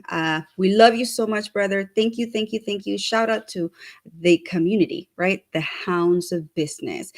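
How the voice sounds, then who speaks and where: A woman co-hosting a talk show, chatting casually and upbeat as she gives many shout-outs. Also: lowish voice. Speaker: co-host. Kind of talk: casual chat.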